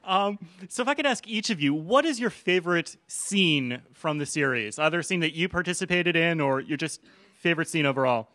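Guy with a high voice asking panel questions, dry close sound. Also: animated, pushed and bright, no room sound. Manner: polite, measured questions. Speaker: interviewer. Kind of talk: panel moderation.

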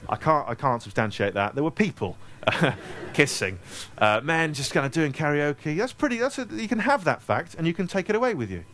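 A man's voice: fairly high pitch, very animated, moderate pace, hardly any pauses, a bit bright. A man originally from Scotland chats with a live audience at a store event, holding a handheld mic. He wanders off into jokey, self-mocking tangents and loose asides as he answers their questions. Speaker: author speaking to an audience. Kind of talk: casual audience Q&A. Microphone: handheld microphone.

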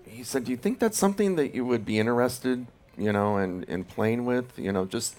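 A man being interviewed as a film director, talking hesitantly with many pauses and restarts. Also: medium pitch, animated, a little mellow. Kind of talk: casual interview.

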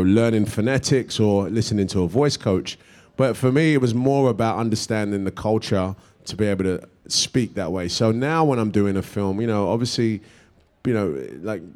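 A middle-aged British man, an actor, answering audience questions in a relaxed, rambling way with many restarts and fillers. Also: lowish voice. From England. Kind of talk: casual Q&A answers.

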